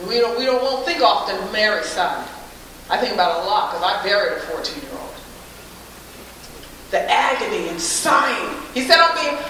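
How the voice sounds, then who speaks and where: A woman giving a faith-based public speech, preacherly, building to loud emphatic peaks, recorded from a distant mic in a very echoey hall with faint hiss. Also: mid-range voice. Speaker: guest speaker.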